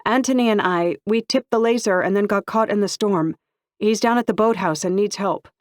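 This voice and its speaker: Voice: mid-range voice, normal speed, no room sound, studio quality, voice pushed up, close to an everyday voice. An audiobook reader voicing a seventeen-year-old girl who talks in a raised, pressing way. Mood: urgent. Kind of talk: audiobook character voice.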